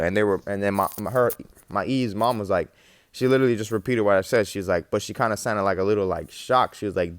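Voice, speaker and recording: A man's voice: on the low side, brisk, no echo, studio quality. A man giving a casual spoken religious testimony, rambling and slangy, with lots of fillers and the odd swear word.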